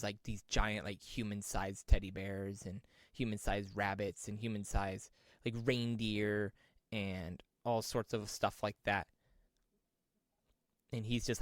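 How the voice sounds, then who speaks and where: A man co-hosting a podcast who rambles excitedly and uses lots of filler words while improvising a story. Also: on the low side, no room sound, clean studio sound. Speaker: podcast co-host.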